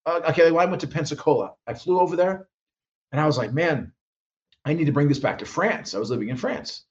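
A man speeds through his stories in an interview, jumping into the voices of the people he quotes and restarting his sentences as he goes. His voice sits a touch high for a man, and the recording sounds dull and muffled. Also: quick pace. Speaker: guest minister. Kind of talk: animated storytelling interview.

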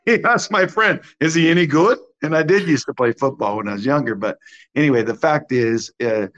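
A man giving a conversational testimony as a guest minister, animated and acting out the quotes of the people in his story. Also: medium pitch, moderate pace, dull audio.

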